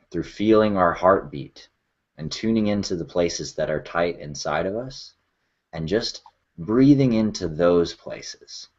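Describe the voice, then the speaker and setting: A man leading a guided emotional check-in, speaking slowly and softly with frequent sighs and open feeling. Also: sits low, animated, husky. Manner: slow, soft, sighing, emotionally open. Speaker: workshop leader. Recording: dull lo-fi sound.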